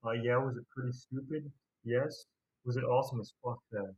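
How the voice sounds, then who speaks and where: A man's voice: medium pitch, steady tone, normal speed, darkish tone, slightly rough. A man hosting a casual movie review video, rambling and slangy with a sarcastic streak. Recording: dull lo-fi recording.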